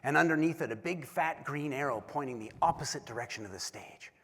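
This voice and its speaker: A man giving a keynote speech, telling an animated, self-deprecating story and acting out the voices in it. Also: on the high side, brisk. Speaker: keynote speaker. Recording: long hall reverb.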